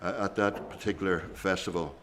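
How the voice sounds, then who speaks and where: A man's voice: sits low, steady tone, brisk, background noise. Older man reminiscing. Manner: chatty, rambling reminiscence with asides. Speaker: traditional singer telling stories. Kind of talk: relaxed storytelling at a singing session.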